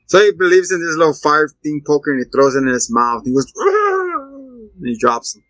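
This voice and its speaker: A man chatting casually as a podcast co-host, retelling a film with animated character voices. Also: a little high, quick pace, no room sound, low-quality recording. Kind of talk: casual chat.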